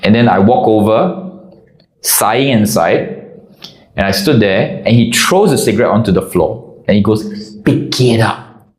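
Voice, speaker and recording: A man from Singapore telling a personal story about army life in an expressive, conversational way. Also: fairly low pitch, moderate pace. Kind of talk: personal anecdote narration. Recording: echoey room.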